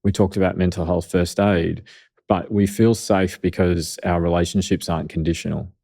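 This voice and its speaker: A man's voice: deep voice, flat delivery, moderate pace, vocal fry, mellow. A middle-aged man with an Australian accent, a pediatrician guest on a podcast, explaining in an earnest, conversational way. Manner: earnest, explanatory, filler-heavy.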